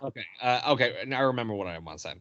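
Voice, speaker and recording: A man co-hosting a casual podcast chat, talking hesitantly with many pauses and restarts. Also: medium pitch, lively intonation, a bit bright, dry recording, dull audio. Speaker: podcast co-host. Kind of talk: casual chat over a call.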